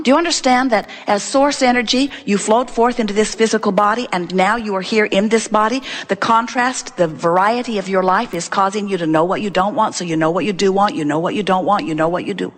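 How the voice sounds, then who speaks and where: A woman addresses a live audience with an inspirational talk, speaking deliberately and leaning hard on repeated phrases. Her voice sits in a middle pitch. It carries the long reverb of a large hall. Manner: emphatic, deliberate, repeats for effect.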